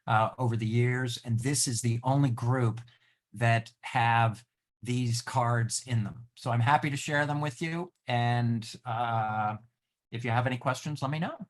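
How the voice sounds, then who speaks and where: A man presenting items on a video call, halting and loose, with lots of fillers. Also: mid-range voice. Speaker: show-and-tell presenter.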